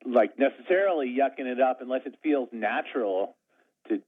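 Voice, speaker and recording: A man's voice: mid-range voice, moderate pace, husky. A man talking as an interview guest in a rambling, self-deprecating way, full of restarts. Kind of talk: casual conversation. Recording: tinny phone line.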